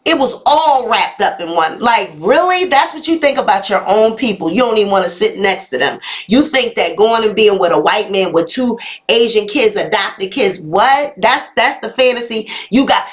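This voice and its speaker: A woman hosting a live gossip commentary show, talking sassily to her viewers and reacting to their comments. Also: a little high. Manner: sassy, talks straight to viewers with "honey" and "y'all". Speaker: YouTube live show host.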